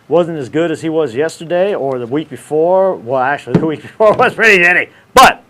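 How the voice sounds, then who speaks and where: A man's voice: on the high side, expressive, brisk, background noise. A man in his thirties hosting a casual livestream, ranting in brash, profane, slangy banter. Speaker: show host.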